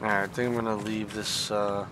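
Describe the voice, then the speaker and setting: A man's voice: fairly low pitch, little pitch movement, brisk, noisy background. A man streaming a game from home, chatting casually and swearing freely. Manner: laid-back, swears freely. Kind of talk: casual live-stream chat.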